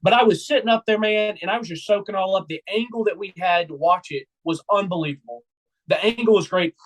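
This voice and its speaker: A young man co-hosting a casual sports podcast, excitedly retelling a game day and acting out his own trash talk. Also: high-pitched, brisk. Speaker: podcast co-host.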